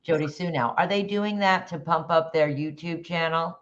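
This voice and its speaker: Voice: mid-range voice, normal speed, a bit bright, muffled recording. A livestream host chatting casually about a case, rambling with restarts and greeting viewers in the chat by name.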